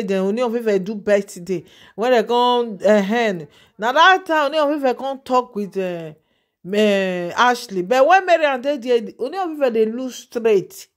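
A woman with a Nigerian Pidgin accent hosting a gossip channel, rambling and animated, often asking her listeners if they understand. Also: fairly high pitch. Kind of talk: casual gossip commentary.

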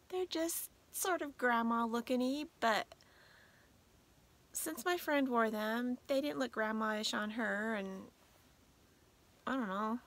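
Woman in her late 40s, home vlogger, slow, rambling chat with whispered asides. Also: mid-range voice, lively intonation, a bit bright. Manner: chatty, rambling, drops to a whisper at times. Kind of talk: casual vlog chat.

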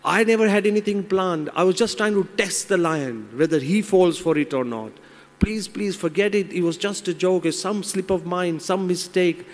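A man's voice: high voice, normal speed, pitched above the performer's own voice, lightly acted. A man voicing a scheming, cowardly man in a fable, who pleads and makes excuses. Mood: pleading. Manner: wheedling, pleading when caught. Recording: long hall reverb.

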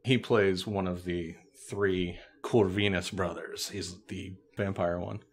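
A man's voice: low-pitched, fairly even intonation, takes it slowly. A man co-hosting a podcast, recapping a TV episode in casual chat with dry, joking asides. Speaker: podcast co-host.

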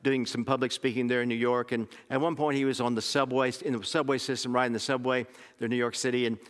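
A middle-aged man with an Oklahoma accent, preaching a sermon in a relaxed, conversational storytelling way that often restarts its phrases. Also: medium pitch, quick pace. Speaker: pastor. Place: church sanctuary. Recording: long sanctuary reverb.

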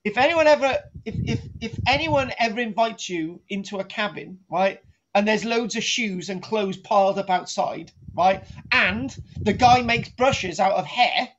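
A man's voice: high-pitched, measured pace, a bit bright. Rambling man teaching archaeology. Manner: rambling, repetitive, keeps asking "right?". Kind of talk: comic online lecture. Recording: dull lo-fi sound.

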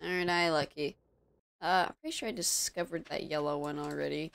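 A woman's voice: low voice, brisk, creaky, fairly bright tone. A woman streamer in a casual gaming stream, groggy and out of it, sarcastically cursing at game characters.

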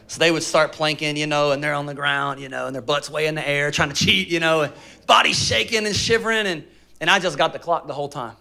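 A man's voice: on the high side, quick pace, vocal fry. A male pastor preaching a sermon to a live congregation, telling stories, acting out voices and firing questions at the room. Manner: animated storytelling, acts out voices, asks congregation questions. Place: church auditorium with a live congregation.

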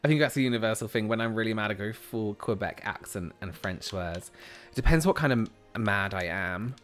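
A man's voice: fairly low pitch, brisk, soft background music. Chatty British man streaming a game. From United Kingdom. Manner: chatty, laughs often, reads chat aloud. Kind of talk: casual live-stream chat.

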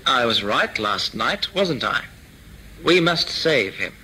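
Brief: man playing a stubborn sea captain, slow and lively, bright tone, insistent. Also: mid-range voice, slight background noise, exaggerated voice, poor audio.

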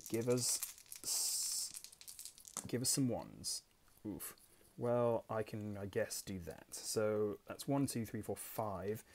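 Low-voiced English man, chatty and self-deprecating. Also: expressive, slow pace, darkish tone, a little hiss or hum. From England. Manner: chatty, self-deprecating, reads rules aloud and muses. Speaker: board game channel host. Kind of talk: casual solo gameplay commentary.

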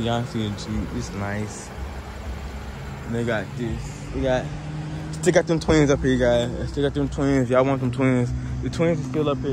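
A young man with a Southern US accent, chatting loosely and excitedly as he walks viewers around cars outdoors on a hot day, filmed on a handheld phone. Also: mid-range voice, heavy background noise. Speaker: car vlogger. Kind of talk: casual walkaround car vlog.

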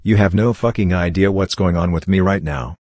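A man voicing a drunk, grieving father who talks in a bitter, sarcastic way, in a deep voice. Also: fairly quick, a little mellow, no echo. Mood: hostile.

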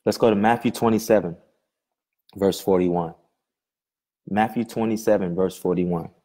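A man's voice: low voice, steady tone, moderate pace, warm tone. A man preaching a sermon with fervor, firing repeated questions at his listeners and often stumbling over his words.

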